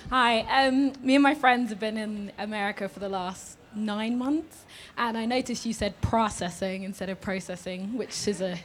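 A fairly high-voiced woman puts a hesitant question to a guest from the audience. She pauses on fillers as she goes. There is faint noise behind her. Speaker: audience member asking a question.

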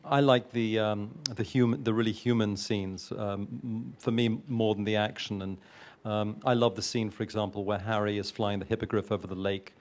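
A man's voice: lowish voice, fairly even intonation, moderate pace, darkish tone. A man, a film producer, answering interview questions earnestly, with frequent hesitations and restarts.

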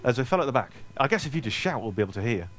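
A man's voice: mid-range voice, sing-song, rapid-fire, fairly bright tone, slight background noise. Scottish-born guy riffing at a book q&a, handheld mic, jokey and self-deprecating, goes off on rambly tangents. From Scotland. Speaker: author speaking to an audience. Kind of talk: casual audience Q&A. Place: store event space with a live audience. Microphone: handheld microphone.

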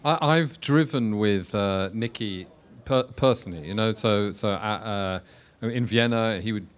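A man's voice: on the low side, measured pace. Wry male panelist telling a story. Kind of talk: anecdote on a panel.

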